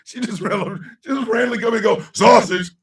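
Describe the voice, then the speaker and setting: A man hosting a casual live-stream show, loud and laughing, heavy on slang. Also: high-pitched, fairly quick, recorded from a distance. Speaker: host. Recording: echoey room, a bit off-mic.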